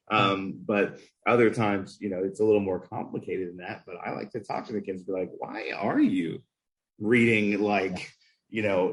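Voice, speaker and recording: A man hosting a literacy podcast, telling classroom stories in a lively, conversational way and acting out the voices he quotes. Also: on the low side, poor audio. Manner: animated storyteller, acts out quoted voices. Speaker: podcast host, former reading specialist.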